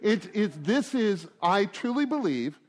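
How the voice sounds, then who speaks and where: Older man, fairly high voice, very lively pitch, joking talk to a recovery group, rhetorical asides. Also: a little slow. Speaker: recovery meeting speaker.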